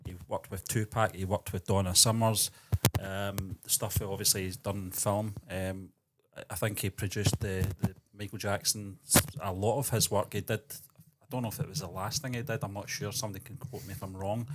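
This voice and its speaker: Cohost guy, lowish voice, slow and hesitant, lots of hiss in the recording. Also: flat delivery. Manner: measured, hesitant with many pauses. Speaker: co-host. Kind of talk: news reading and casual chat.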